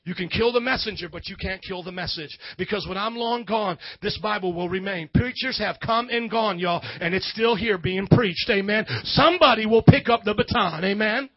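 A male pastor with a Southern US accent preaching a fiery, shouting sermon, in a dull, muffled recording. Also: sits high, moderate pace, hardly any pauses, no room sound.

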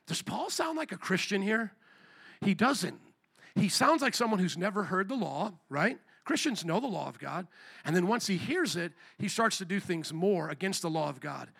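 A pastor in middle age delivers a lively sermon, calling for amens and acting out voices as he reads scripture. His voice sits high for a man and rings bright. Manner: animated preaching, quotes voices and scripture.

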